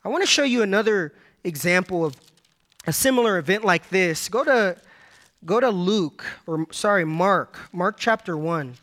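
Guy preaching a sermon, high bright voice, keeps repeating stuff for emphasis. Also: expressive, moderate pace. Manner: emphatic, repeats key phrases for stress; addresses congregation directly, reads scripture aloud.

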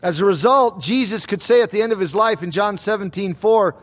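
A man preaching an expository sermon, earnest and emphatic, slowing down to read scripture quotes deliberately. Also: sits high. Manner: earnest, emphatic, rising on key phrases.

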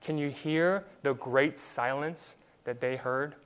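Smooth-voiced preacher, emphatic man. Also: medium pitch, slow. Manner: emphatic preaching full of rhetorical questions, with sudden drops to quiet; repeats words when starting a phrase. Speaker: pastor. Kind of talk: sermon.

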